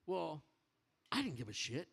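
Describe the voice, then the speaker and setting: Guy with a gravelly voice, cursing and storytelling to a crowd at a bar. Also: a little high, a little slow. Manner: profane, animated storyteller. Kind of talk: casual storytelling speech to a crowd.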